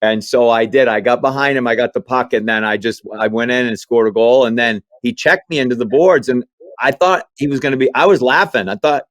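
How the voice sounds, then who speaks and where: A man from Maine telling comic stories in a relaxed podcast chat. His voice sits at an everyday pitch, and he jumps in and out of quoted voices. The sound is dry and close to the mic. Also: brisk, no room sound. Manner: animated storyteller acting out quoted voices. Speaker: comedian guest. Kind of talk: storytelling interview chat.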